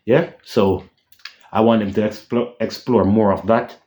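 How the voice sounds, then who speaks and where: A man's voice: fairly low pitch, fairly even intonation, measured pace, darkish tone. A man hosting a casual vlog rant, rambling and repeating himself, often tagging lines with "yeah?" and humming dramatic sound cues. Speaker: channel host.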